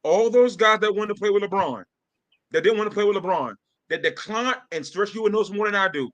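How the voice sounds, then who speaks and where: A man's voice: high-pitched, fairly quick. A man co-hosting a sports podcast, arguing emphatically and repeating his points in a heated debate. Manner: emphatic, repetitive, animated trash talk. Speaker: podcast co-host.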